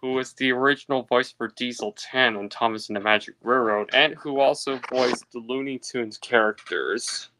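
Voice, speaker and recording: A man's voice: mid-range voice, steady tone, normal speed, few pauses, sharp tone, slight background noise, low-quality recording. A man in a casual livestream chat, questioning and interjecting.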